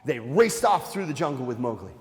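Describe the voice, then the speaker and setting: A man, a nature museum educator, telling a story to children in a playful, animated way and talking straight to the kids. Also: mid-range voice, a little fast, long reverb tail.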